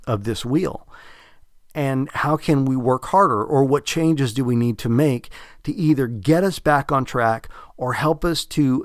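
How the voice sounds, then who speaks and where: A man's voice: medium pitch, a little mellow, no room sound, studio quality. A man with a Southern US accent hosting a podcast, talking in a rambling, reflective way with many fillers and restarts. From American South. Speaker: podcast host. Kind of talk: casual spiritual podcast talk.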